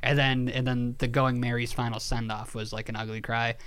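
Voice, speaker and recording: A man's voice: medium pitch, little pitch movement, brisk, a bit bright, clear, resonant tone. A man chatting casually as a podcast co-host, telling a story emphatically, swearing and often restarting his sentences. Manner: repeats words and restarts sentences. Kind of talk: casual chat.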